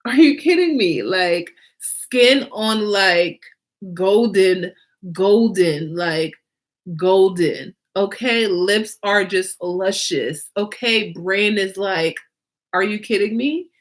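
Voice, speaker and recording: Woman vlog host, unhurried, emphatic casual monologue with repeated lines and rhetorical questions. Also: medium pitch. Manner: emphatic and animated, with many rhetorical questions and fillers. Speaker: fashion designer and vlog host.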